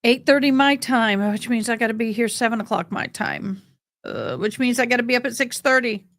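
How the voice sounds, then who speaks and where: A woman's voice: a little high, fairly quick, a bit bright, no echo, studio quality. A middle-aged woman hosting a livestream, chatting casually with viewers and calling them honey and boo. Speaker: livestream host. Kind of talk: casual chat to live viewers.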